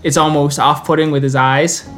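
A man's voice: fairly high pitch, flat delivery, moderate pace, a bit bright, soft background music. A man narrating a tabletop game as game master in a casual, rambling way.

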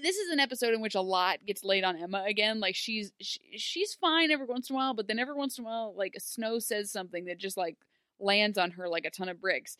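A woman's voice: medium pitch, quick pace, clear, resonant tone, dry recording, studio quality. A woman chatting casually as a podcast co-host, recapping a TV episode and acting out the characters' lines. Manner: animated, acts out characters' lines.

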